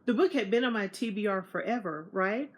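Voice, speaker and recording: A young woman, chatting casually to camera about meeting authors and acting out what people said. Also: brisk. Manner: animated, acts out quoted dialogue in higher voice. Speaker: book vlogger.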